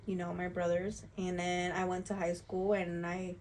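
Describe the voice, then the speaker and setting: A woman's voice: fairly low pitch, normal speed, distant mic, a little hiss or hum. A young woman co-hosting a casual podcast, talking bluntly, swearing freely and slipping Spanish phrases into her speech. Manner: animated storytelling with laughter. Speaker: podcast co-host. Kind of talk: casual chat.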